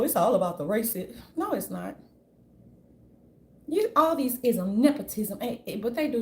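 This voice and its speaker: A woman vlogger ranting in a casual, blunt way, swearing freely and restarting her sentences as she goes. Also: on the high side. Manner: blunt, profane, rambling, with many restarts. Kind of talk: casual opinion rant. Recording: roomy echo, faint ambience.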